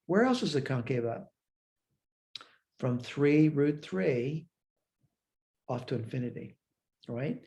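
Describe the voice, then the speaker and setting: A man's voice: mid-range voice, darkish tone. A man teaching a recorded math lecture, talking through worked steps aloud and checking his own work as he goes. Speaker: math instructor.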